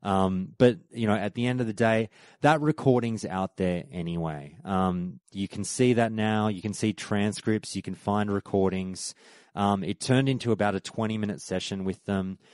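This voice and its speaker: A man's voice: lowish voice, normal speed, a little mellow, no echo. An Australian man hosting a podcast, telling a rambling, conversational story with frequent restarts. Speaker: podcast host. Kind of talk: casual storytelling recap.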